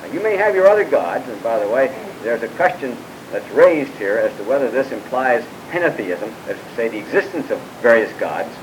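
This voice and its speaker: A man's voice: mid-range voice, very animated, brisk, background noise. Man lecturing on scripture to a class. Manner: questioning students, frequent "uh" and "by the way" asides. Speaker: Bible teacher.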